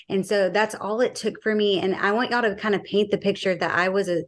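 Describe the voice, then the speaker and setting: A woman's voice: mid-range voice, steady tone, brisk, few pauses. A woman sharing her personal faith testimony in a casual interview, acting out the dialogue she recalls and using frequent fillers.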